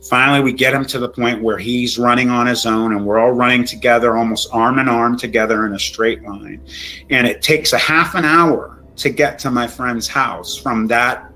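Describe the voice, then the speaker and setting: A man's voice: medium pitch, steady tone, bright, forceful tone, soft background music, poor audio. Shaken middle-aged man recounting a scare. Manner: emotional, halting, many restarts. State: shaken, near tears. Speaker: storytelling guest. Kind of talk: recounting a true scary story.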